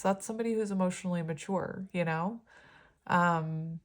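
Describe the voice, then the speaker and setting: A woman doing a tarot reading to camera, talking casually and rambling, with fillers and quick laughs. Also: mid-range voice, fairly even intonation. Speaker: tarot reader.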